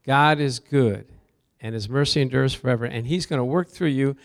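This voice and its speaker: A man preaches a sermon in a medium-pitched voice at a normal speed. As a pastor, he tells stories from his own life, puts questions to the congregation, and stresses key words with a rising emphasis.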